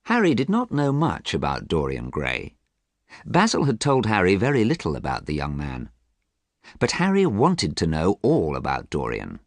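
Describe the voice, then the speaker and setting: A man narrating a simplified story slowly and clearly, in a scripted storytelling style. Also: low voice, dry recording, clean studio sound. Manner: slow, clear and even storytelling. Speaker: audiobook narrator. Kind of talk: scripted graded-reader narration.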